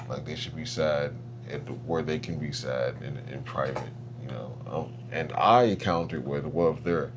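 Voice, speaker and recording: A man co-hosting a casual podcast, talking his thoughts through slowly with many fillers. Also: very deep voice, a little hiss or hum. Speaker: podcast co-host.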